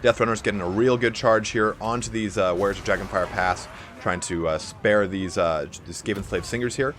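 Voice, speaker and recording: A young man with a raspy, allergy-hoarse voice giving casual play-by-play commentary on a strategy game match. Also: on the low side, a bit bright, slight background noise. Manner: casual, fast-flowing play-by-play with fillers. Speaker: game caster.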